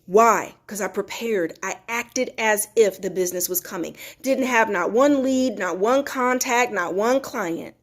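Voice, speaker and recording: A woman's voice: mid-range voice, unhurried, hardly any pauses. A woman giving an emphatic, preachy motivational talk to her viewers, repeating her phrases for effect. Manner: reads viewer comments aloud. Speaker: motivational host.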